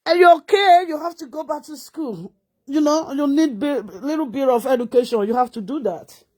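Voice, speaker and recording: A Nigerian woman vlogger ranting and mocking someone with rapid rhetorical questions in a scolding manner. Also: high-pitched, warm tone, breathy edge. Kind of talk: ranting live-stream commentary.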